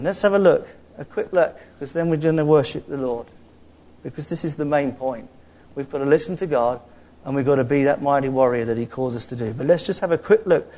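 Man, high-pitched voice, animated sermon, playful preaching. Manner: animated, jokey preaching with mocking put-on voices.

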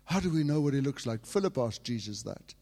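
A man's voice: medium pitch, animated, brisk. Man preaching in an echoing hall. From England. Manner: storytelling, swings from hushed to shouting. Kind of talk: sermon with personal testimony.

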